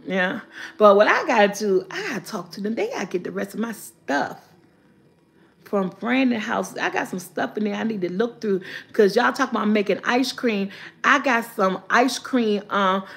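An older woman chats with her audience during a casual live vlog, reading comments aloud and laughing a lot. Her mid-range voice is expressive, creaky and a bit bright, at a normal pace.

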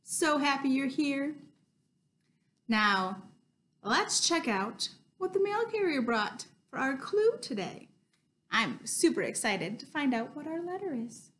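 High, sweet-voiced woman hosting kids' story time. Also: slight background noise. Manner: bright, singsong and encouraging, speaks to small children. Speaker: children's librarian, story time host. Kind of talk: online children's story time.

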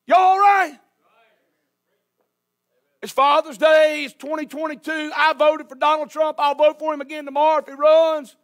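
A man's voice: extremely high pitch, fairly even intonation, moderate pace, long pauses, a bit bright. A man preaching a sermon as pastor in a church, emphatic and hollering. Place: church sanctuary.

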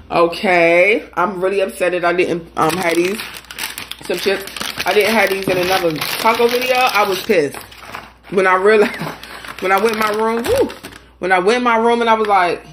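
A woman's voice: medium pitch, moderate pace, pauses often, slight background noise. A young woman, chatting casually as she eats for a live mukbang audience. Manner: chatty, talking while eating, playful and animated. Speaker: mukbang host.

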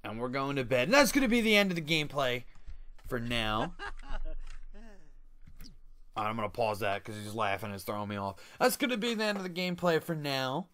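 A man giving casual let's-play commentary on a life-sim game, excitable and slangy, laughing often. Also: mid-range voice, brisk, long pauses.

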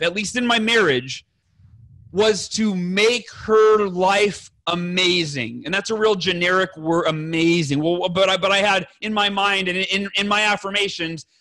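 A man in his thirties speaks as a podcast guest, earnest and rambling, often correcting himself mid-sentence. His voice sits high and bright. He clears his throat often and drops the odd curse word. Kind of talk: emotional personal story to fathers.

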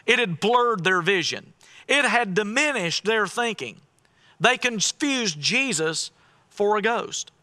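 A man's voice: high voice, pushed and bright. A male pastor delivering a sermon in a dramatic, emphatic way, repeating key phrases for weight.

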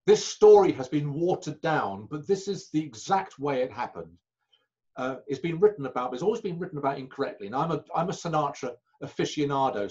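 Brief: male guest spinning anecdotes, a little high-pitched, halting delivery, muffled call sound. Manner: chatty raconteur, halting and self-correcting. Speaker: magician guest. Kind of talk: anecdotal interview chat.

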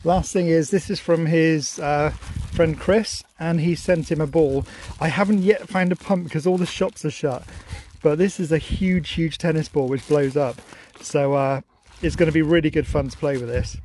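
A man's voice: a little high, a little mellow, slight background noise. A young man, cheerful and chatty, thanking viewers for gifts and talking to his dog with frequent laughs. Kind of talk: casual vlog chat to camera and dog.

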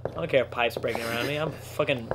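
A man's voice: medium pitch, fast talker, noisy background. A man narrating his horror game playthrough, swearing and joking, then breaking into panicked screams. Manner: profane, jokey, panicky screaming. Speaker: gaming video creator. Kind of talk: horror game let's-play commentary.

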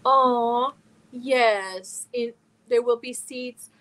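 A middle-aged woman chats casually on her live stream. Her voice sits a little high, and she greets viewers and answers their messages one by one. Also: steady tone, extremely slow. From Germany. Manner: reads chat messages aloud and answers viewers warmly one by one.

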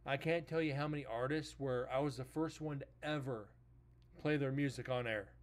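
A man hosting a paranormal live stream, chatting casually and rambling with his viewers. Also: moderate pace. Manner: laid-back, rambling, talks straight to chat. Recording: loud vehicle rumble behind the voice.

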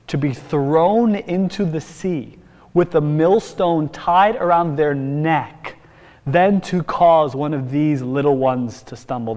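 A male pastor preaching in a church sanctuary, his voice sitting a little higher than most men's. He delivers the sermon emphatically, dropping low and then rising to loud bursts, and a long reverb trails each phrase through the hall.

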